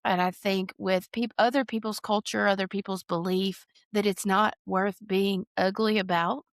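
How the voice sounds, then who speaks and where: Woman hosting a podcast chat, earnest and thoughtful, middle pitch, dry close sound. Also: level tone, moderate pace, no echo. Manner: earnest, reflective, rephrases as she talks. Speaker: podcast host and hospice doula. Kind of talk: casual conversational interview.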